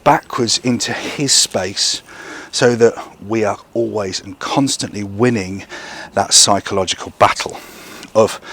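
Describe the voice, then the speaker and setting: A man's voice: lowish voice, a little slow, a bit bright, husky. A man training a young gundog outdoors, explaining to camera between short bursts of praise and commands to the dog.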